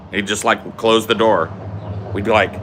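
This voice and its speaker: A man's voice: on the low side, steady tone, moderate pace, a bit bright, slight background noise. A young adult man hosting a podcast, telling a rambling story in a casual, profane way. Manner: rambling, swears casually, lots of fillers. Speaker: podcast host.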